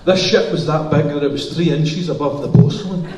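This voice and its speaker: A man's voice: a little high, brisk, heavy background noise. A middle-aged man with a Glaswegian Scottish accent, doing stand-up comedy with bawdy, swearing stories in a music hall. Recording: roomy hall from far off.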